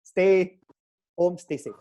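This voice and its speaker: A middle-aged man from Malaysia with a Malaysian English accent, giving an animated, chatty career talk in an online session and mixing Malay words into his English. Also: high voice, slow pace. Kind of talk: motivational talk with audience Q&A.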